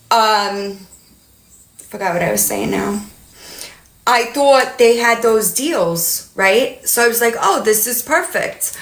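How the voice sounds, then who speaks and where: A woman's voice: medium pitch, a bit bright. Rambling, foul-mouthed woman livestreaming in a roomy space. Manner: rambling, swears often, greets viewers mid-sentence. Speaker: livestream host. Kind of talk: casual livestream chat with viewers.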